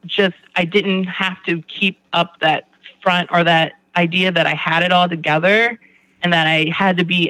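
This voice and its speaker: A man with a bright, forceful voice, a little higher than most, talks through his story in a rambling, candid way. The sound is dry and close, with no room around it. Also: no room sound, low-quality recording. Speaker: guest in recovery. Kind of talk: candid conversation.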